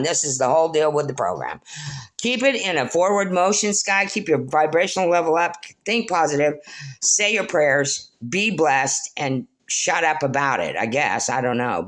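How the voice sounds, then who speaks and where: A middle-aged woman rambling through a personal monologue to her viewers, blunt, scolding and preachy, calling them "folks.". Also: extremely low pitch. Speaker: spiritual vlogger.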